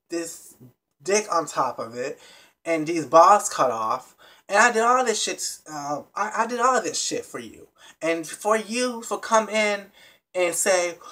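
A vlogger recapping a reality TV episode in a casual, animated and blunt way, with plenty of swearing, talking straight to the viewers. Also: medium pitch. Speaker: TV show reviewer.

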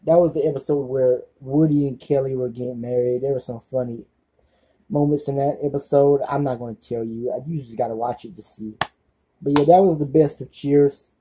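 A man hosting a casual show-and-tell vlog, talking haltingly with many fillers as he reads titles off one by one and breaks off to apologize when he forgets a name. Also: medium pitch, fairly even intonation, dark tone, slight background noise, low-quality recording. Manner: forgetful, self-apologetic asides. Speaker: channel host.

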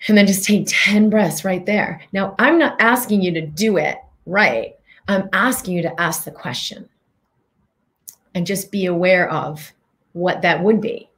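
Host: middle-aged woman, lowish voice, earnest coaching tone for a healing talk. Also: unhurried, a bit bright. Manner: earnest, coaching, guides breathing questions. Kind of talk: motivational talk to viewers.

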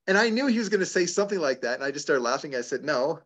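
Animated storytelling man host. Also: on the high side, rapid-fire. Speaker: host answering member questions. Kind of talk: casual advice talk.

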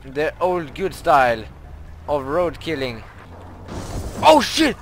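A young man, commenting on his own video game play, who gets excitable and yelps and shrieks when startled. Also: a little high, slow pace, faint music behind. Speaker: gaming YouTuber.

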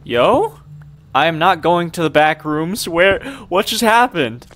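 A man's voice: fairly high pitch, expressive, slow pace, fairly bright tone, a little hiss or hum. A young man commentating his own horror gameplay, jumpy and swearing, with panicky outbursts. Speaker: gaming youtuber.

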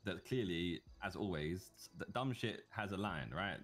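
A man's voice: low-pitched, lively intonation, moderate pace, fairly bright tone. A man in character during a roleplay meeting, blunt and dismissive as he questions and lectures.

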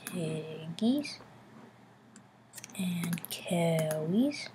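A woman chatting casually while building in a game, playful and silly, rambling to herself and sometimes dropping into soft murmurs. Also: lowish voice, expressive, very slow, long pauses, slight background noise. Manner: drops into soft murmurs and whispers. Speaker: Minecraft builder. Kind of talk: casual gameplay commentary. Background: background music and keyboard clicks.

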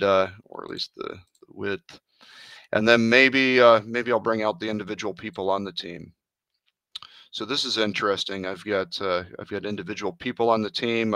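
A man presenting a live software demo in a webinar, thinking aloud with many fillers and repeated restarts. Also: fairly low pitch, no echo. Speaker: presenter at a user group webinar.

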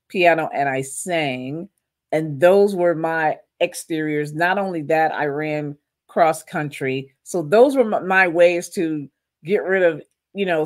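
A middle-aged woman from Louisiana, a podcast guest telling her story and acting out the quotes. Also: deep voice. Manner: animated storyteller, acts out quotes.

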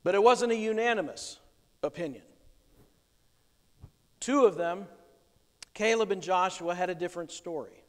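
A high-voiced male pastor delivers a sermon in a church sanctuary at normal speed, pausing frequently. He explains scripture with plain, emphatic conviction, and long church reverb fills the recording.

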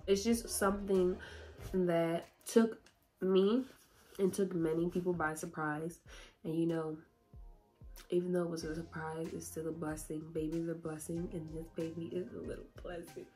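A young woman talks casually to her viewers in a vlog. Her voice sits a little low, and she is chatty and emotional, often laughing and holding back tears. Faint music plays behind her. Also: flat delivery, moderate pace, dark tone. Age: 20s. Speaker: YouTuber.

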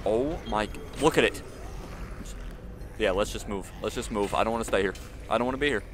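A man's voice: fairly low pitch, a little fast, slight background noise. Jumpy man narrating his gameplay. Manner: jumpy, talks to the screen, frequent frightened yelps; casual slang, says "bro" and "y'all". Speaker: gaming channel host. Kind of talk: let's play commentary.

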